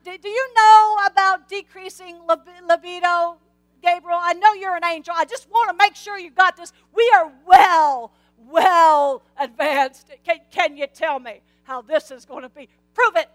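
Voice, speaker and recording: A woman's voice: high-pitched, moderate pace, hardly any pauses, a bit bright, dry recording. A woman playing an old man who is pleading and exasperated as he questions an angel. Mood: incredulous.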